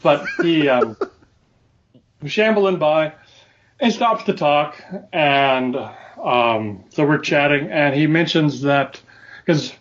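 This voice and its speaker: Man, slightly high voice, wry and dry, casual storyteller, lo-fi mic. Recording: dull lo-fi audio.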